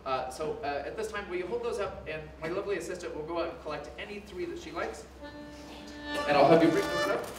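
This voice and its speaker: A man's voice: on the high side, quick pace, recorded from a distance. A man from Denver performing a live mentalism act on a thrust stage, with dry, wisecracking asides and a conversational stage patter. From Denver, USA. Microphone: room pickup after his microphone failed. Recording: echoey theater from afar, music behind.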